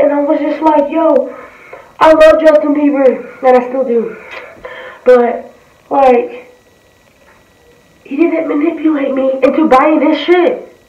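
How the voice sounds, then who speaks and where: A woman's voice: sits high, a little mellow. A woman giving a blunt, profane, heated reaction commentary as a vlogger. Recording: roomy, distant from the mic.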